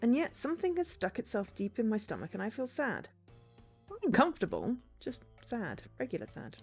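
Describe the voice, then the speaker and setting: A woman streamer reading a story game aloud in an expressive, musing way, breaking off for quick asides. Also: on the high side, soft background music.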